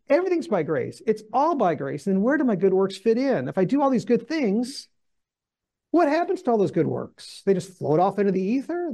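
Guy teaching bible class, kinda high voice but gravelly, acts out quotes as he goes. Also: warm tone. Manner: conversational with restarts.

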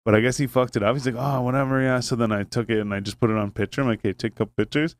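A man's voice: mid-range voice, steady tone. A man chatting casually on a podcast, telling rambling, profane stories and acting out what others said. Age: adult with a son. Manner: fast, rambling, swears a lot, acts out voices in anecdotes. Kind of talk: casual chat, storytelling.

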